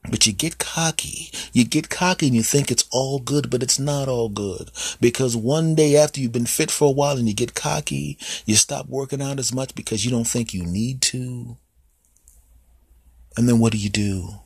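A man hosting a podcast, telling a comic monologue in an animated, playful, teasing way. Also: mid-range voice, moderate pace, vocal fry, husky, no room sound. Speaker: podcast host. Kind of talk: comedic monologue.

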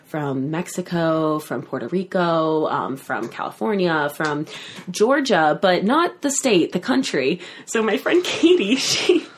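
A young woman in her twenties chats as a podcast guest, her voice sitting a touch low. She winds through a story in loose, rambling sentences packed with "like" and small laughs, with a faint hiss in the background. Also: big pitch swings, a little slow. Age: 20s. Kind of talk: casual chat.

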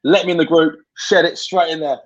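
A man's voice: on the high side, fairly even intonation, fairly quick, muffled recording, slight background noise. A man in casual podcast chat, blunt and sweary, giving fired-up motivational advice. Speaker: podcast guest.

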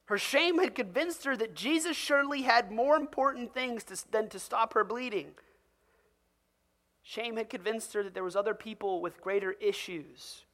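A pastor preaching with animated, conversational energy. The voice sits at a middle pitch and keeps turning to the listeners with direct questions. Quoted voices are acted out along the way. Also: normal speed. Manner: asks the audience direct questions. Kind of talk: sermon.

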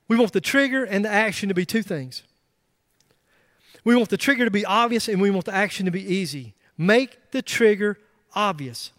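High-voiced man preaching a lively sermon. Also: moderate pace, no echo, clean studio sound. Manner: emphatic, rising to loud bursts with joking asides. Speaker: pastor.

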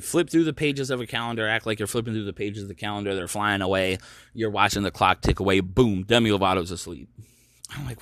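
A man's voice: on the low side, fairly bright tone, dry recording, studio quality. A man hosting his own podcast, telling a story in a sarcastic, profane, ranting way. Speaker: podcast host. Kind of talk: casual ranting commentary.

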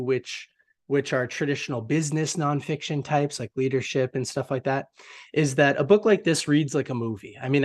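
A man hosting an interview, who reviews books for a living. He frames long, engaged questions and laughs lightly along with his guest. His voice has an ordinary pitch for a man.

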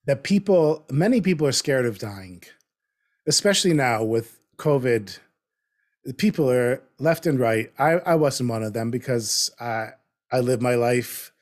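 A man in his fifties talking in a relaxed conversation, reflective and getting animated as he makes a point. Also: mid-range voice, a little slow. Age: 50s. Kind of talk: casual conversation.

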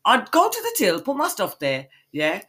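A woman's voice: medium pitch, wildly swooping pitch, normal speed, fairly bright tone. A woman co-hosting a podcast, swearing and trading mock insults in casual banter. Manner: sweary, teasing, mock-aggressive. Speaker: podcast co-host.

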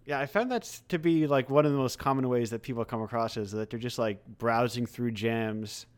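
A man's voice: mid-range voice, fairly quick, smooth. A man hosting a live stream interview, chatty and easily sidetracked, laughing often and correcting himself as he talks. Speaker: livestream host. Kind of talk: casual interview chat.

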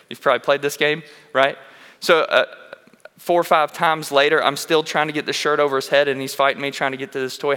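A man's voice: medium pitch, brisk, pushed and bright, clear, resonant tone. A man preaching a sermon in a church, telling candid personal stories in an earnest way and often restarting his sentences. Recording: long reverb of a large hall.

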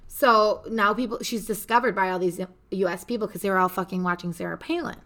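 A woman's voice: medium pitch, brisk, a bit bright. A young woman hosting a casual podcast chat, telling a story in a chatty, swearing, offhand way. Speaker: podcast host.

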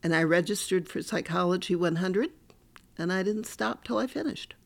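A woman's voice: on the low side, moderate pace, creaky. An older woman, a professor, telling her own story candidly and with animation as a podcast interview guest.

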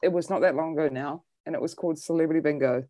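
A woman's voice: low-pitched, fairly even intonation, rapid-fire, dark tone. A woman comedian chatting casually, telling a rambling story about a show she hosted. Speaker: comedian and bingo host. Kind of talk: casual chat.

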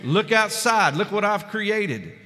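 Fervent high-voiced preacher. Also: male voice, expressive, slow pace. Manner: fervent preaching, swings loud and soft, calls out to the congregation. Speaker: pastor. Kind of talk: sermon. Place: church hall. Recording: echoey church hall.

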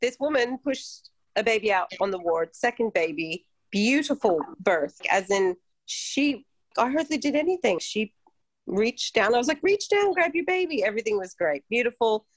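A woman's voice: mid-range voice, moderate pace, dry recording, poor audio. Woman midwife host, earnest storyteller, dead-dry close mic. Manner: earnest, reflective, lively retelling. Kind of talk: casual chat, storytelling.

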